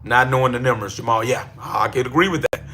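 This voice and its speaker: A man hosting a live-stream business coaching session, talking energetically to chat viewers and bursting into excited shouts. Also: medium pitch, quick pace. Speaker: livestream host and business coach.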